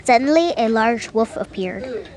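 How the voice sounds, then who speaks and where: Woman narrator for a read-aloud storybook, lively, slightly higher voice. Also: unhurried. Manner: lively, with small slips. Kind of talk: storybook reading.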